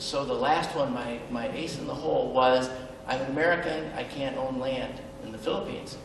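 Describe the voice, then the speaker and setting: A man's voice: medium pitch, moderate pace, gravelly, few pauses. Middle-aged male speaker, earnest storyteller with wry humor; distant mic in a reverberant hall, faint room noise. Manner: earnest, with self-deprecating humor and hesitant fillers. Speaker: speaker at a benefit event. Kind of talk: personal storytelling speech. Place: large event hall.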